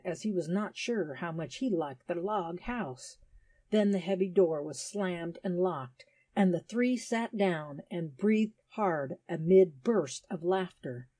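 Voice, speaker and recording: A woman reading a story aloud at a steady pace, lifting her voice when the characters speak. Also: lowish voice, breathy edge, no echo. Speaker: story reader. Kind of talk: scripted narration of a graded English reader.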